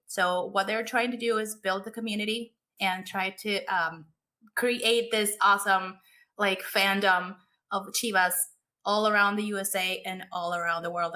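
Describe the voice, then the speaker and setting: A young woman co-hosting a podcast, talking in a casual, excited, chatty way and laughing often. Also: mid-range voice, moderate pace. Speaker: podcast co-host.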